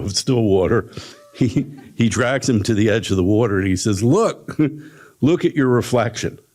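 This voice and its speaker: Brief: low, husky male meditation teacher, casual and chuckling. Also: darkish tone. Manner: casual, chuckling, rambling storyteller. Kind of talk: spiritual teaching talk with storytelling. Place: ashram talk.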